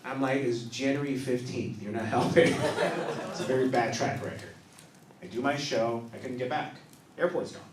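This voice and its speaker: Stand-up comic in a roomy club. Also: male voice, medium pitch, distant mic, slight background noise. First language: not English. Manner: storytelling, acts out characters in quick bursts. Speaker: stand-up comedian. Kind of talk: stand-up comedy set. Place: small improv club stage, live audience.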